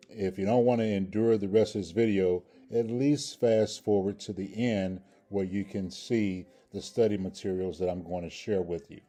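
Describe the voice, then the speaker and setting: Low, mellow-voiced man teaching grammar. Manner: patient, repeats pronunciations several times with frequent "okay?" checks. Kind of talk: instructional video lesson.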